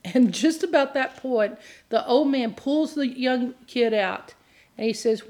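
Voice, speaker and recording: A woman's voice: high voice, unhurried, a little mellow. A middle-aged woman giving an earnest teaching sermon on deliverance, at times rising into impassioned pleading. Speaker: deliverance minister.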